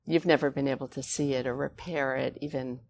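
A woman, a guest author, telling stories conversationally with animated, expressive emphasis. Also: extremely low pitch, a little fast, gravelly, a little hiss or hum. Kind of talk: conversational storytelling.

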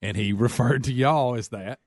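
A man's voice: mid-range voice, normal speed. A male radio co-host who talks casually and bluntly and needles a caller.

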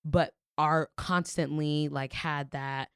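A woman's voice: low-pitched, steady tone, takes it slowly, smooth, dry recording, studio quality. A young adult woman in a casual podcast chat, telling a story with lots of "like" fillers and free swearing. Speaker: podcast guest.

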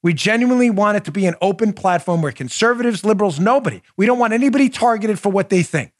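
Middle-aged male host, high voice, sarcastic and animated, prone to shouting asides. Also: quick pace. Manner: mocking, loud outbursts, mock-theatrical recitation. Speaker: podcast host. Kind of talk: animated political commentary.

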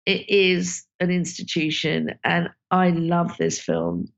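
Gravelly woman director. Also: lowish voice, sing-song, takes it slowly. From Britain. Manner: warm, emotional, frequent "you know" fillers. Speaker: film director guest. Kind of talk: casual interview chat. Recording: dull lo-fi sound.

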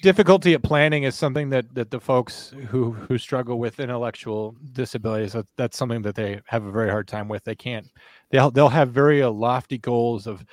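A man at a middle pitch, talking through a criminal case with his co-host. He rambles and restarts as he thinks aloud. The sound is dry and close, with no room around him. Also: brisk, no echo. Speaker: podcast co-host. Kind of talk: casual true crime discussion.

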